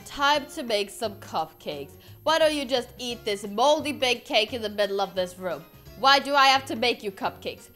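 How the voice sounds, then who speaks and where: A woman's voice: fairly high pitch, lively intonation, normal speed, fairly bright tone, soft background music. A woman playing a fed-up mom in a game role-play, talking in a dramatic, exasperated way and often repeating herself. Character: fed-up mom turned into a monster. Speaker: gaming YouTuber.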